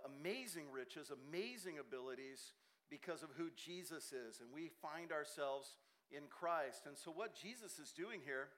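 A man's voice: a little high, fairly bright tone. A man preaching a Sunday morning sermon in a church, earnest and conversational, often restarting his phrases. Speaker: pastor. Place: church sanctuary with a ringing sound system.

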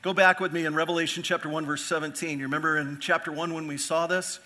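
A man's voice: a little high, little pitch movement, fast talker, pushed and bright. A man preaching an earnest expository sermon as pastor, asking rhetorical questions and repeating phrases for emphasis.

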